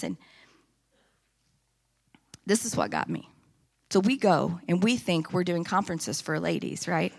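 A woman's voice: on the low side, measured pace, vocal fry, pauses often, slightly rough. A woman giving an impassioned sermon testimony in a church, rising into emphatic preaching. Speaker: church speaker. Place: church sanctuary.

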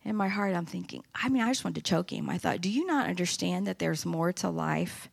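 Gravelly, low-voiced woman giving testimony. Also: fairly quick. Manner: earnest, animated storytelling. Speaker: church member giving testimony. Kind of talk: personal testimony.

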